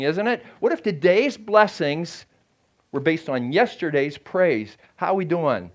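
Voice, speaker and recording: A man's voice: on the high side, expressive, slow pace, highs cut off. An older man giving a sermon as a guest preacher, talking in a conversational way and asking the congregation questions.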